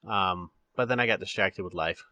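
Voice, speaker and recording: A man's voice: low voice, moderate pace, bright, forceful tone, dry recording, muffled recording. A man hosting a podcast in casual chat, rambling with restarts and laughing often. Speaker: podcast host.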